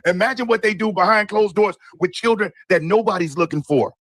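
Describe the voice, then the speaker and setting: A man's voice: sits high, brisk, fairly bright tone, no room sound. A man from Michigan hosting a political commentary show, talking emphatically and indignantly. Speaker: host.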